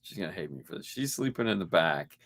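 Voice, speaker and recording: A man co-hosting a casual podcast chat, telling animated stories, acting out quotes and laughing often. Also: low-pitched, fast talker. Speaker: podcast co-host.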